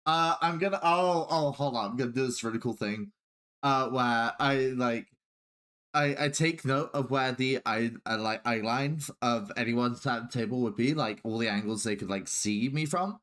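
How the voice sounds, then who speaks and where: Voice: medium pitch, normal speed, fairly bright tone. Rambling player scheming a sneaky plan. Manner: rambling, lays out plans at length. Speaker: player, rogue. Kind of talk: tabletop game play.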